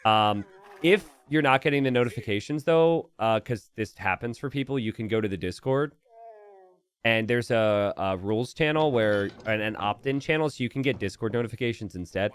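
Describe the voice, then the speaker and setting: A man's voice: mid-range voice, normal speed, smooth. A man casting a strategy game live, chatting with viewers, laughing often and reading their messages aloud. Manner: animated, laughs often, talks to chat directly. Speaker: streamer and game caster. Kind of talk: live commentary while reading chat.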